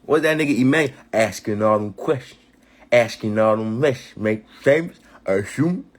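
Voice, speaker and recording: Hosting a live community gathering in casual live-stream style, this man speaks at a normal pace in a voice on the low side. He's passionate, swears, uses lots of slang and keeps repeating phrases.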